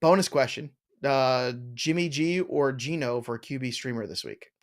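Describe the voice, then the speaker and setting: A middle-aged man hosting a live fantasy football question show, reading viewer questions aloud in a quick, jokey way. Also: mid-range voice. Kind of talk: live Q&A chat.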